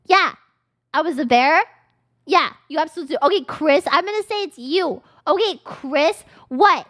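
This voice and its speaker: A young woman reacts live on her stream and bursts into crude, profane, over-the-top rants. Her voice sits high and bright, with a sharp edge. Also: animated, brisk. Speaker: VTuber streamer. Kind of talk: livestream reaction commentary.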